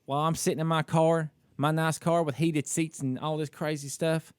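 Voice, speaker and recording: A man's voice: fairly high pitch, little pitch movement, normal speed, a little mellow, clean tone, no room sound, studio quality. A man co-hosting a podcast, telling a story in a casual, candid way and criticizing himself, with lots of "you know" and "like". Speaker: podcast co-host. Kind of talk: casual chat.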